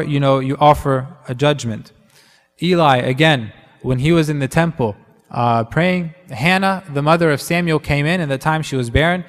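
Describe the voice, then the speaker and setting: A man's voice: a little high, big-room sound. A man preaching a sermon in a conversational way, with many fillers and restarts.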